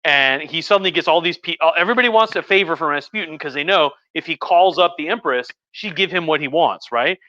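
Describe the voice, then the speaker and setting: A man's voice: on the high side, quick pace, hardly any pauses, sharp tone. A man who is a history professor, tipsy on wine, telling history in a rambling, jokey way with many restarts on a livestream. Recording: slightly muffled livestream audio.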